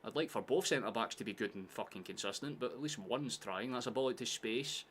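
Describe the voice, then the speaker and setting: A man hosting a live football watchalong, chatting casually, swearing often and shouting at big chances. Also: mid-range voice, a little fast, a little hiss or hum.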